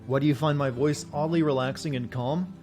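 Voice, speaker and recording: A man chatting casually with his viewers while streaming a game, in a flat, deadpan voice. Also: a little high, fairly quick, faint music behind. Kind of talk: casual livestream chat.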